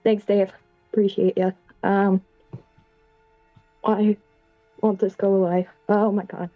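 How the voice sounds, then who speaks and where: A woman's voice: mid-range voice, little pitch movement, slow pace, no echo, faint music behind. Hesitant woman player, dull dry mic. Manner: hesitant, many ums, chatty asides. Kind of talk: casual tabletop game play.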